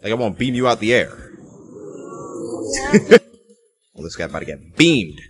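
A man's voice: fairly low pitch, sing-song, a little slow, fairly bright tone, a little hiss or hum. A young man casually commentating his own gameplay, teasing other players and laughing often. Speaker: gameplay streamer.

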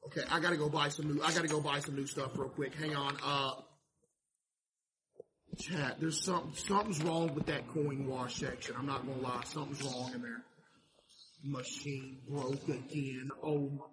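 A man streaming a game, chatting to his viewers in a mock-stressed, animated way. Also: on the high side, normal speed, noisy background. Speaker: streamer playing a laundromat game. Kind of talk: casual gameplay commentary to chat.

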